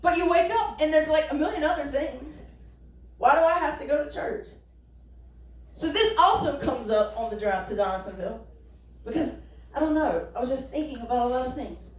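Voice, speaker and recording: Woman pastor, high and bright, conversational humorous preaching; roomy echoey hall sound. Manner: folksy, joking, rhetorical questions. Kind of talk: conversational sermon. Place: church sanctuary. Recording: echoey church hall, distant mic.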